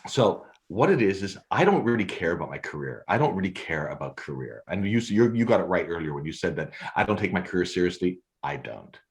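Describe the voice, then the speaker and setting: A man, a podcast guest telling stories in a theatrical way and laughing often. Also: sits low. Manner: lively, theatrical, laughs often, acts out scenes. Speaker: guest, storyteller and photographer. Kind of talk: animated storytelling.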